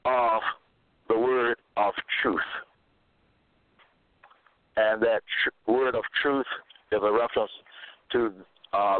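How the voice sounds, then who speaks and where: A man giving a slow, repetitive religious monologue, halting with fillers and stressing his points. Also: mid-range voice, dry recording. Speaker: self-styled preacher. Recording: tinny phone-like dry recording.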